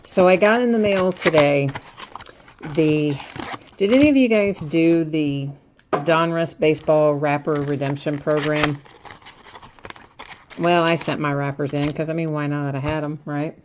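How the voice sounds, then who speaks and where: A woman's voice: sits low, fairly even intonation, unhurried, pauses often, background noise. A woman hosting a live card break, chatting casually as she opens packs and reads out each card.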